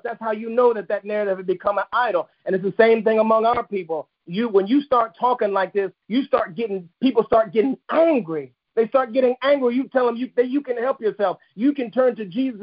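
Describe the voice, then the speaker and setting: A man's voice: sits high, muffled recording. A man preaching a sermon, emphatic and repetitive, driving points home with restated phrases. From United States.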